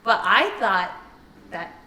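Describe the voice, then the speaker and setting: A woman's voice: medium pitch, lively intonation, takes it slowly, sharp tone. A young woman co-hosting a podcast in casual chat, giggly and echoing her co-host's lines. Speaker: podcast co-host.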